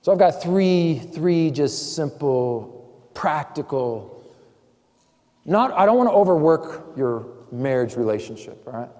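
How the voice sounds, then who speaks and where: A man's voice: on the high side, expressive, slow pace, mellow. A man preaching a sermon as pastor, in a conversational way, acting out quotes. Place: church sanctuary. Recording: long church hall reverb.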